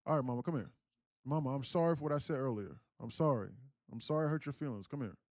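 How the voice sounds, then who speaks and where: A man's voice: medium pitch, quick pace, darkish tone, no echo, clean studio sound, natural voice. A man voicing his father as a young man in a story, bluntly brushing off his mother. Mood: pleading. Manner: dismissive, blunt.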